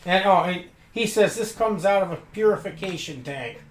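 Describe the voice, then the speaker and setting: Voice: medium pitch, animated, normal speed, echoey room. A player at a tabletop game, making jokey asides and narrating their character's actions. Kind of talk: casual tabletop play.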